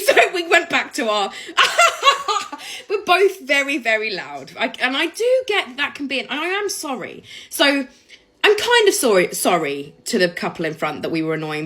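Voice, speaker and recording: Woman vlogger, young, bright voice, animated, sweary, laughs a lot. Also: high voice, normal speed, rough recording. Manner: sweary, laughs loudly and often. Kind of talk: casual storytelling to camera.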